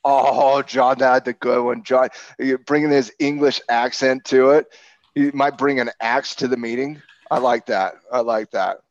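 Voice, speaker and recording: Sarcastic, animated man hosting a trading show. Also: mid-range voice, a little slow, no room sound, muffled recording. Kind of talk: casual market talk with a co-host.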